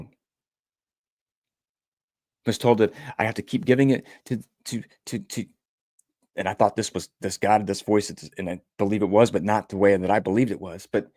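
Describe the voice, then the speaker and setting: A middle-aged man with a fairly low voice tells a personal story as a motivational speaker. His delivery is earnest and emotional, leaning on repeated phrases. The sound is close and dry, with no room around it. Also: steady tone, normal speed, long pauses, darkish tone, no echo.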